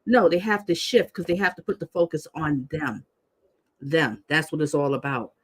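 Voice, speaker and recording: A woman hosting a casual commentary show, talking in an animated, emphatic way and acting out the people she quotes. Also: deep voice, fairly quick. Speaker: host. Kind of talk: casual commentary on trial clips.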